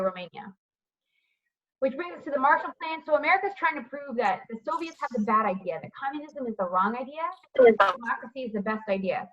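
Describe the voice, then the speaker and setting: A woman's voice: fairly high pitch, dull audio. A woman teaching history over a video call, asking students questions by name and checking with "right?". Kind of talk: online class lecture with questions. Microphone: computer mic on a video call.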